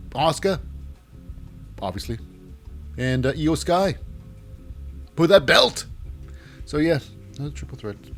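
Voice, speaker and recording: A man casually recapping a wrestling show, rambling with many fillers and self-corrections. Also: medium pitch. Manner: rambling, filler-heavy, animated.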